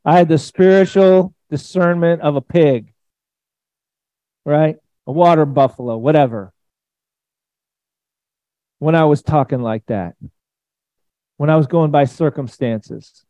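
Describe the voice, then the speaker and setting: A man preaching a sermon in a conversational, emphatic way, swinging between loud and soft. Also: fairly high pitch, normal speed, pauses often, dry recording, lo-fi sound. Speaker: pastor.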